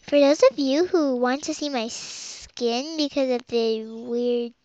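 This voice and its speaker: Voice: high voice, slow, a little mellow, no room sound. A child rambling through game commentary as host of their own let's play, with muttered asides. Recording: dull lo-fi home recording.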